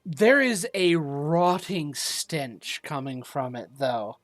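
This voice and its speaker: Slow, lively-voiced woman game master. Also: no room sound. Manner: measured, descriptive, lively pitch. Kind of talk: narrating a tabletop game.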